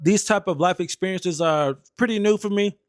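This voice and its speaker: In a casual storytelling rant, this young adult American Air Force veteran speaks bluntly, angrily, and with lots of swearing. He has a high voice at a moderate pace, captured in a clean, dry studio recording.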